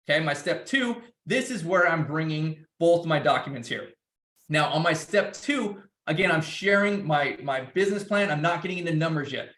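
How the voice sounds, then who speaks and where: A man's voice: fairly high pitch, animated, moderate pace, fairly bright tone, echoey room. A man speaking in a loose, rambling way, with many restarts, as a guest speaker. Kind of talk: casual presentation.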